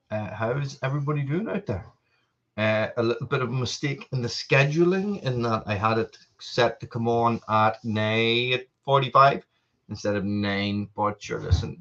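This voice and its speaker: Irish dad rambling through a live stream. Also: male voice, mid-range voice, a bit bright, muffled recording. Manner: rambling, self-interrupting, greeting viewers. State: a little out of breath. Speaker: livestream host. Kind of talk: casual live chat. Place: family home.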